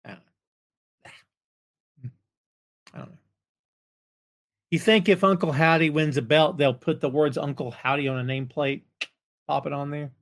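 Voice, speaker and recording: A male show host with a noticeably high-pitched voice rambles through viewer comments in a live chat format. He uses folksy slang and chuckles often, and his delivery stays loose and animated. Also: measured pace, pauses often. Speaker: podcast host.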